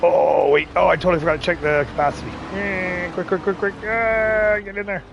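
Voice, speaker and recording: A man's voice: sits high, steady tone, a little fast, gravelly, dull audio, background noise. Chatty man streaming a farming game. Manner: chatty, talks to viewers and in-game workers, laughs often. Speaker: livestream host. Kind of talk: casual live gameplay chat.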